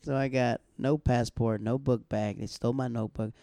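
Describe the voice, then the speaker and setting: A man on a casual podcast, telling a travel story with lots of energy and jumping into other people's voices, often laughing mid-sentence. His voice is dark and mellow. The recording is close and dry, with no room sound. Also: mid-range voice, moderate pace, creaky, no room sound. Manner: animated storyteller, acts out other people's lines; laughs often while talking. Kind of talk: casual chat.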